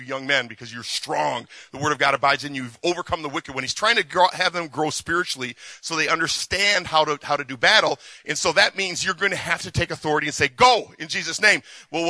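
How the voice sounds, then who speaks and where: Bright-voiced man preaching casually. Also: fairly high pitch, no echo. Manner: conversational, with repeated restarts and acted quotes. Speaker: pastor. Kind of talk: sermon with Q and A. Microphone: recorded for the session.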